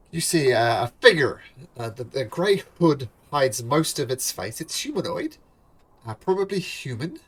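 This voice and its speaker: A man acting as dungeon master, narrating a tabletop game with halting pauses, fillers and self-corrections. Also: medium pitch.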